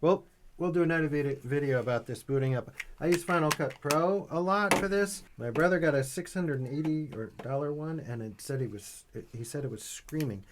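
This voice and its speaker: A man's voice: a little high, brisk, slight background noise. A middle-aged man hosting a casual home unboxing vlog, patiently explaining things step by step with dry jokes. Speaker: vlog host and father.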